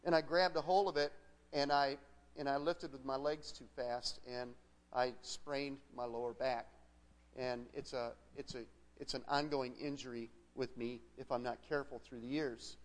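Folksy middle-aged pastor in a reverberant hall. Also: male voice, medium pitch, steady tone, normal speed. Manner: conversational, folksy storyteller with frequent restarts. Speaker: guest pastor. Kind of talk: sermon told as a personal story.

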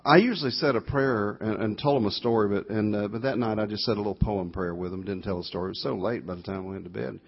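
A low, gravelly middle-aged man with a drawl, rambling through a homespun story and correcting himself as he goes. His voice is husky, and the live church recording sounds dull and lo-fi. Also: quick pace, few pauses. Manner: folksy, meandering, self-correcting. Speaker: guest guitarist telling a story at a church concert.

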